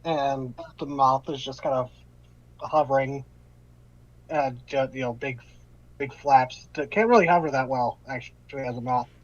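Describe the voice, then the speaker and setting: A man's voice: medium pitch, moderate pace, highs cut off. A man narrating a tabletop game as game master, rambling and hesitant, with many fillers.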